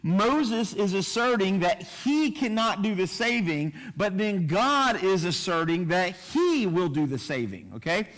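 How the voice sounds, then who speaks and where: A man's voice: high-pitched, very animated, unhurried, few pauses, a bit bright. A man teaching a Bible study in a conversational manner, often repeating himself and checking in with "right?" and "okay?". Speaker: pastor. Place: church.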